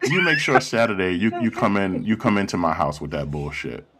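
A man's voice: sits low, animated, brisk, a crowd in the background. A man co-hosting a casual chat with friends, joking and teasing with lots of profanity.

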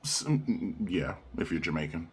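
A man in his thirties telling stories in a casual chat with friends, animated and quick to laugh and swear. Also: deep voice. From Haitian family. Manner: animated storytelling, laughs often, swears freely.

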